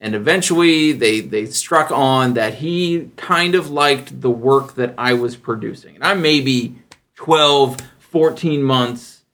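A man in his thirties hosting a casual podcast, telling stories with lively, acted-out voices for other people. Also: slow pace. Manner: animated storyteller who acts out other people in a high voice. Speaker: podcast host.

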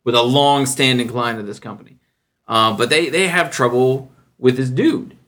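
A man in his thirties hosting a casual podcast, telling stories with lively, acted-out voices for other people. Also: moderate pace. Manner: animated storyteller who acts out other people in a high voice. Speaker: podcast host.

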